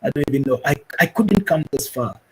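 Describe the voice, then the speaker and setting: A man's voice: on the high side, brisk, slight background noise, low-quality recording. A middle-aged man from Ghana, a pastor, talking earnestly on a family talk show and jumping into livelier voices when he quotes others. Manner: earnest, preacherly, animated when quoting others.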